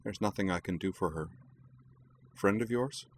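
A man voicing a brisk female field medic, speaking quietly and levelly. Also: deep voice, a little hiss or hum, natural voice. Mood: sympathetic.

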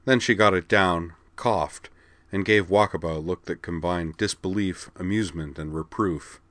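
A man narrating a story aloud in an even, measured way. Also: deep voice, no room sound. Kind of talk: audiobook narration.

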